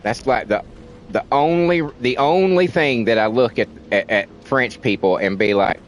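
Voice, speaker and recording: A man's voice: medium pitch, normal speed, soft background music. Male streamer, American-raised, ranting hard with lots of cursing and repetition, ordinary mid-range voice. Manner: heated, profane, repeats words for emphasis. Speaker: livestreamer. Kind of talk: casual ranting commentary on stream.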